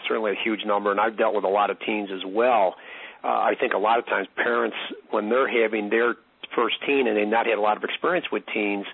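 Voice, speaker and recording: A male radio host speaks in a low, slightly husky voice. He sums up his guest's points agreeably and hesitantly, full of fillers. The sound is narrow and phone-like. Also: no room sound. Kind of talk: radio interview.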